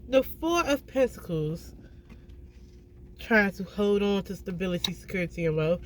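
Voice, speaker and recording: Brief: outspoken tarot reader, mid-pitched voice, blunt and profane, faint room hum behind. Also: expressive, normal speed. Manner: blunt and emphatic, swears freely; keeps checking in with "okay?". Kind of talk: casual tarot reading to viewers.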